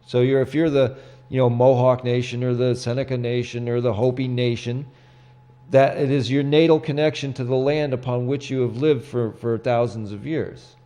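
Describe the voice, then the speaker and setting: Middle-aged male host, mellow dark tone, halting, full of "you know"s. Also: mid-range voice, steady tone. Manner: halting, repeats words, many "you know"s. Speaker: talk show host. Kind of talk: casual chat.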